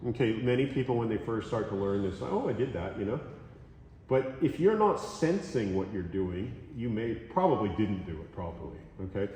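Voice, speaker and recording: A man's voice: fairly low pitch, normal speed. Man teaching massage in an echoey room. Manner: relaxed, conversational, checks in with "okay?" and "right?". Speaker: massage instructor. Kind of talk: teaching a hands-on class. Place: training room during a course. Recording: roomy echo with long reverb.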